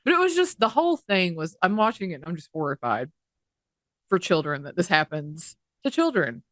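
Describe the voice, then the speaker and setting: A woman's voice: lowish voice, very animated, normal speed, dry recording, clean studio sound. A woman co-hosting a podcast in casual chat, talking indignantly at length and swearing freely. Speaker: podcast co-host.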